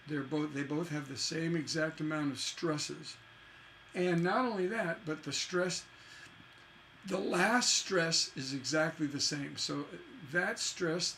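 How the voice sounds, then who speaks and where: A man's voice: fairly high pitch, gravelly, a bit bright, a little hiss or hum. A man teaching a songwriting lesson in a chatty way, scatting rhythms with "da da da" to show the stresses.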